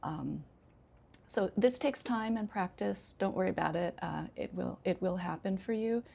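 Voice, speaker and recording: An American woman, an ESL teacher, explaining intonation in an unhurried way with frequent pauses. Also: mid-range voice, creaky, warm tone, husky. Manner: unhurried, many 'um' pauses, demonstrates intonation examples. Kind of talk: casual instructional talk.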